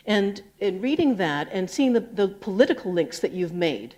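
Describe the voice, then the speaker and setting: A woman's voice: medium pitch, expressive, moderate pace, a little mellow. Brief: woman interviewer on stage, long winding questions, stammers at the start. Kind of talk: onstage interview. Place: public library stage.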